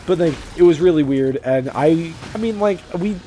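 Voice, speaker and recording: A young man from Vermont talks off the cuff over a game, rambling from one story to the next with plenty of swearing and jokes at his own expense. His voice climbs and drops all over the place, fairly high for a man. A faint hum of room noise sits behind him. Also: expressive, warm tone. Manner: rambling, profane, self-deprecating, quick to laugh. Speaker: let's play commentator. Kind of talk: rambling casual commentary over gameplay.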